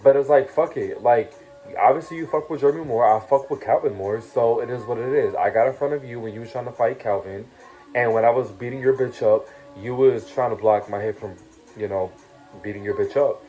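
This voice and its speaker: Over soft background music and a low-quality recording, a young man from a reality show recounts his story in a casual vlog. His medium-pitched voice is brisk and warm, yet he delivers a heated, profane rant full of repeated taunts and fillers such as "you know what I'm saying."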